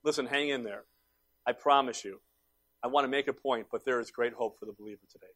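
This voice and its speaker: A male pastor preaching a sermon, swinging between loud emphatic calls and quiet low asides, acting out the voices he quotes. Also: fast, no room sound.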